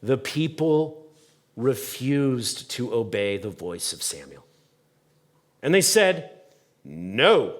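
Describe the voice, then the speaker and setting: A man preaching a sermon as pastor in a church, conversational and animated, acting out the voices in the story and asking the congregation questions. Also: medium pitch, slow, long pauses. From United States. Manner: animated, acts out voices of people and God in quotes. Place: church sanctuary.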